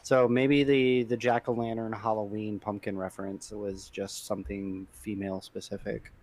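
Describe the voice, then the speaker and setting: A man's voice: fairly low pitch, level tone, normal speed, darkish tone, no room sound. Blunt, joking man on a gaming podcast. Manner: blunt, crude jokes, swears freely. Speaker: podcast co-host. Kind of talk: casual gaming podcast chat.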